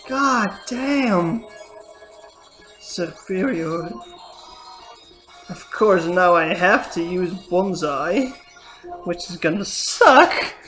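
Slow-talking woman cursing at a game. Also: lowish voice, expressive, fairly bright tone. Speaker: let's player. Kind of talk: gameplay commentary. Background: faint game music.

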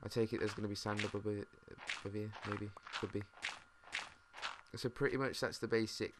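A man's voice: on the low side, fairly even intonation, a little fast. Mumbling British guy at a noisy mic. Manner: mumbling, thinks aloud, swears at the game. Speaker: gamer. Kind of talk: casual let's-play commentary. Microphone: desk mic. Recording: noisy home mic with mouse clicks.

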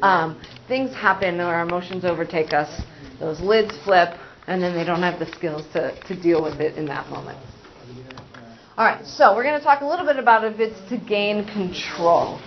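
A woman's voice: fairly low pitch, normal speed, slight background noise. Woman presenting a parent training. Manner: conversational, with frequent fillers and acted-out examples. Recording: dull, muffled sound.

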